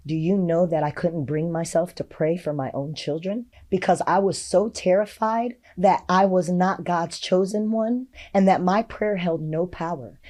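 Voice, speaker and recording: A middle-aged Texas woman who serves as a state representative tells her personal story in an interview. Her voice is fairly low with a darkish tone, and she speaks earnestly and from the heart, sprinkling in plenty of "you know."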